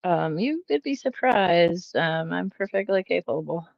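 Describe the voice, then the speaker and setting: A woman with a fairly low voice rambles through casual reaction commentary, exasperated and critical, peppering it with um and uh. The sound is dry and close, with a dull, lo-fi tone. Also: expressive, unhurried, creaky, dry recording. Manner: rambling, frequent um and uh fillers. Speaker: commentary channel host.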